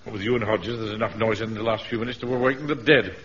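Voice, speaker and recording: An actor playing a pompous, self-important middle-aged captain in a radio sitcom, with a blustering, commanding manner. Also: male voice, on the low side, quick pace, a loud crowd, close to an everyday voice. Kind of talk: 1970s radio sitcom acting. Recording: dull old radio recording with faint hiss.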